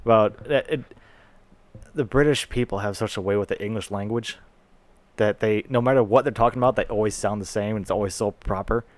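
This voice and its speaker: A man co-hosts a casual podcast, telling jokes and recounting stories with animation. His voice is fairly low. The recording is dry and close. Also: brisk, no echo. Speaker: podcast co-host.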